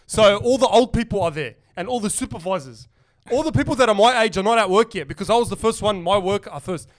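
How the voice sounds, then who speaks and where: A young man rattles off a podcast story at a rapid clip, excitable and rambling, with plenty of swearing. His voice sits high for a man, and he keeps a casual chat going with his co-host.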